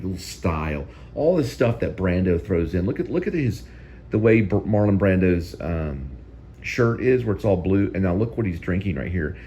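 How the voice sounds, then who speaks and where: A man's voice: low-pitched, mellow. A male host giving casual, rambling film commentary that often repeats itself.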